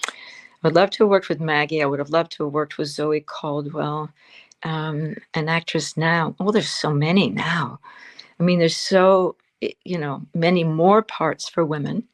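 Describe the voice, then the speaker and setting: Expressive woman over seventy, lowish voice. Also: unhurried. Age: 70s. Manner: expressive, warm storytelling with emphatic repetitions. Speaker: guest actor. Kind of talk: interview.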